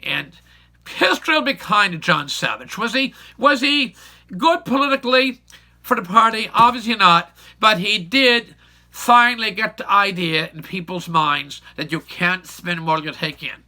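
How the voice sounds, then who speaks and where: A man's voice: sits high, lively intonation, moderate pace, sharp tone. An older man telling a rambling, opinionated recollection in a folksy, casual way, repeating points for emphasis. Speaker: YouTube storyteller.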